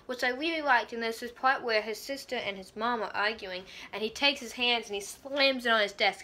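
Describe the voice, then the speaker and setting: Bright, high-voiced excitable woman. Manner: excitable, gushing, laughs mid-sentence. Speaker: TV episode reviewer. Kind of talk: casual fan review vlog.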